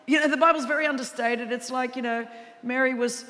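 A woman preaching a sermon in an animated, self-deprecating storytelling way. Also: sits high, fairly quick. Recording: long hall reverb.

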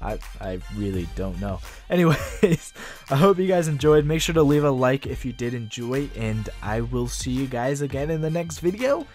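A man's voice: medium pitch, sing-song, normal speed, a little mellow, soft background music. A man hosting a casual video, chatty and rambling with light laughs. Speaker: video host. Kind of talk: casual commentary.

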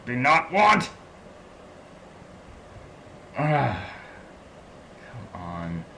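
A man from the American South giving excitable let's-play commentary, swinging between low mumbles and loud laughing outbursts. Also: creaky, background noise. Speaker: gaming channel host.

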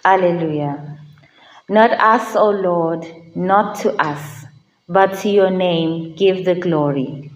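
Slow, measured woman reading scripture. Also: fairly low pitch, low-quality recording. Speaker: lector. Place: chapel at a Mass.

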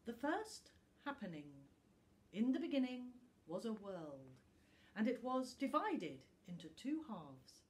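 A woman, a school teacher, reading a bedtime story aloud in a calm, gentle manner with dramatic pauses. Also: on the high side, a little hiss or hum.

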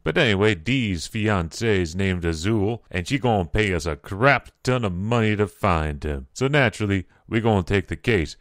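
A man's voice: fairly low pitch, animated, fairly bright tone, no room sound, studio quality. A young man giving sarcastic, mocking commentary over a video game playthrough. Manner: sarcastic, mocking, quick asides. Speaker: let's play commentator.

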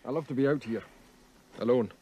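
An actor as a soft-spoken Scottish gillie. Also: male voice, medium pitch, a little fast, muffled recording, a little hiss or hum, lightly acted. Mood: guarded. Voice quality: soft-spoken, polite and deferential. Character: deferential male Scottish gillie, patient servant. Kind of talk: 1970s television drama acting.

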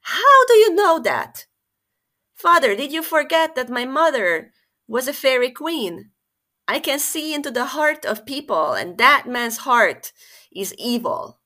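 A woman voicing an indignant eldest princess who refuses her father in shrill, defiant shouts. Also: lively intonation, a little slow, exaggerated voice. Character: indignant eldest princess, fairy queen's daughter.

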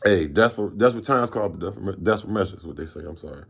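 A man in his thirties from Virginia rambles through a storytime vlog, relaxed and full of slang and swearing. His voice sits on the low side for a man. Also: quick pace, gravelly, slightly rough. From Virginia, USA. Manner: rambling, laid-back, profane slang. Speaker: vlogger telling a story.

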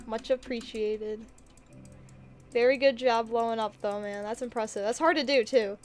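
A woman's voice: fairly high pitch, fairly even intonation, normal speed, slight background noise. Bubbly giggly woman streamer. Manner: bubbly, giggly, reads chat aloud. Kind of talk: casual gaming stream chat.

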